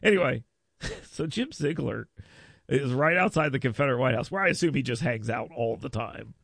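A man's voice: mid-range voice, expressive, normal speed, gravelly, fairly bright tone, dry recording, studio quality. A man hosting a talk radio show, telling a rambling story full of mocking voices. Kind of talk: casual radio chat.

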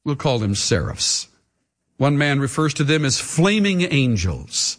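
Husky preacher in a reverberant hall. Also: male voice, medium pitch, big pitch swings, unhurried. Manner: dramatic, leads the congregation in call and response. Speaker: pastor. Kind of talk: sermon. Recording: reverberant hall with faint music.

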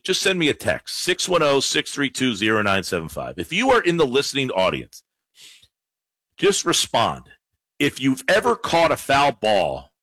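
A man hosting a call-in sports radio show, talking with callers and listeners in an animated way. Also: mid-range voice, no room sound. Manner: lively, animated, quick play-by-play bits. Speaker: radio sports talk host.

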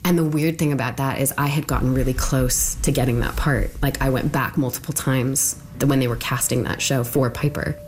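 A woman in her thirties recounting a personal ordeal in an interview, halting and full of "like". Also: very deep voice, steady tone, a little mellow, a little hiss or hum. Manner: halting, lots of "like", quoting others in small voices.

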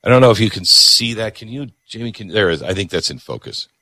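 Male radio host; sarcastic, ranting monologue, very animated pitch, bright tone. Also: fast talker, no room sound, clean studio sound. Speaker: radio talk show host. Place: radio studio.

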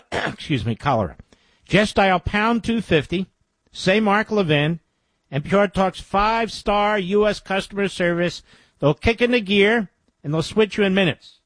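A man's voice: a little high, no echo. A man hosting a talk radio show, chatting with a caller and reading an ad in an emphatic, salesy way with mumbled asides. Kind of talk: talk radio chat and live-read ad. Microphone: studio microphone.

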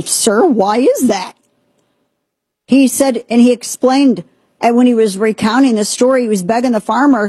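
A woman's voice: mid-range voice, dark tone, slightly rough, dry recording. A woman retelling a historical story in a casual, conversational way, acting out the quotes. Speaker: speaker recounting history.

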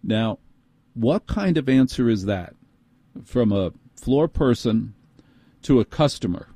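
A man's voice: mid-range voice, animated, mellow, husky, no echo. A middle-aged man with a New York accent hosting talk radio, telling a long, exasperated story with sardonic asides. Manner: sardonic, exasperated, quick bursts. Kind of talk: ranting storytelling monologue.

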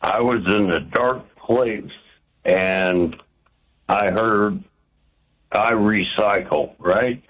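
A man calling in to a radio show, telling his story in a slow, plainspoken way over a phone line. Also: fairly low pitch, fairly bright tone. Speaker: radio caller.

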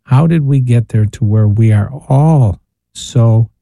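A man's voice: medium pitch, slow pace, vocal fry, dark tone, no room sound. A man, a priest and spiritual director, speaking earnestly on a radio show and posing rhetorical questions. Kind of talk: radio talk reflection. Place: radio studio.

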